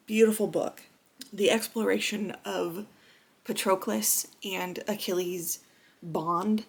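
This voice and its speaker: A woman's voice: medium pitch, fairly even intonation, takes it slowly, vocal fry, pauses often, a little mellow, husky. A woman in her thirties talking casually in a reading vlog, chatty and gushing, with laughs and sighs. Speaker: book vlogger.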